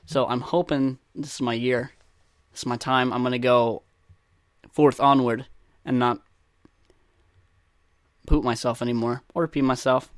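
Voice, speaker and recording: A man's voice: mid-range voice, no room sound, clean studio sound. A man in his twenties hosting a podcast, telling rambling, profane, self-mocking stories in a casual way. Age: 20s. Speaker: podcast host. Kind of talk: casual crude storytelling monologue.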